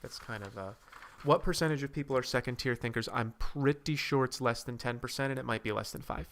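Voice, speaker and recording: A man's voice: mid-range voice, a little fast, a bit bright, a little hiss or hum. A man hosting a casual livestream, rambling while he reads and answers viewers' comments and draws. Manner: drawing while talking. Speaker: streamer host.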